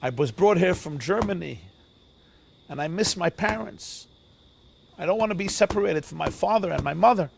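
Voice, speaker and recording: Boy of twelve, tearful and pleading, a bit higher and brighter, as a preacher puts him on. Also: lively intonation, moderate pace, vocal fry, background noise, heavily acted. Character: grieving twelve-year-old refugee boy pleading.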